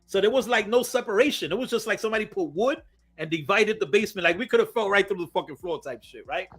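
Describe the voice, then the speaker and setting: High, bright-voiced man telling a story. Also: quick pace, slightly rough. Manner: animated, swears a lot, acts out quotes loudly. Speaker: podcast host. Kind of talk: casual storytelling chat.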